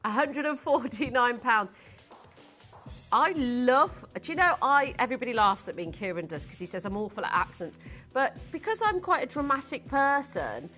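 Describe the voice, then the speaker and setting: A woman's voice: on the high side, sing-song, normal speed, bright, forceful tone, faint music behind. A young adult woman presenting on live shopping TV in a studio, gushing and theatrical.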